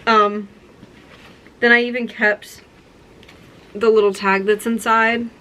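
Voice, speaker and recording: A young woman vlogging in a casual, excited way, gushing and rambling as she shows gifts to her viewers. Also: a little high, slow pace, low-quality recording. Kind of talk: casual chat to camera.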